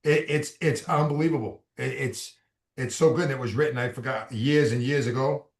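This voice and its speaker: A man's voice: medium pitch, moderate pace. A man with a Boston accent talks casually on a group video call. He tells stories with animation and often repeats a word before his thought gets going. His voice carries a noticeable room echo. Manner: animated storyteller, repeats words when starting. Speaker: guest speaker.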